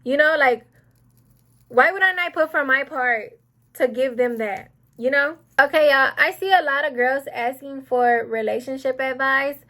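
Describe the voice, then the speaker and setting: A woman's voice: high voice, a little slow, pushed and bright. A young woman chatting casually while doing her makeup, rambling and getting sidetracked as she gives advice. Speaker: beauty vlogger. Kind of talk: casual get-ready-with-me chat.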